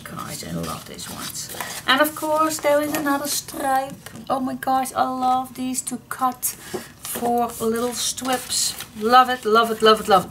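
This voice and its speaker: A middle-aged woman with a Dutch accent hosts a crafting vlog, gushing over each new thing she shows. Her delivery is slow and unhurried, with a bright, forward tone. Faint room noise sits behind her voice. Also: a little high. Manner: gushing, excitable, repeats oh my gosh. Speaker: paper craft channel host.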